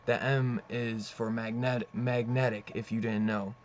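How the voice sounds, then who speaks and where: A man's voice: medium pitch, little pitch movement, a little slow. A man casually recapping a comic issue, rambling with many fillers and reading out the characters' lines as he goes. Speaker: comic book reviewer. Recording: dull lo-fi sound with faint noise.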